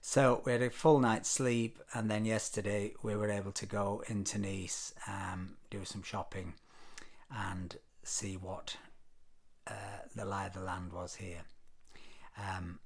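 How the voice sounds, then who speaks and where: A man's voice: on the low side, level tone, unhurried, creaky. A British man vlogging, telling a travel story casually with frequent ums and wry self-deprecating asides. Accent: British English. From Britain.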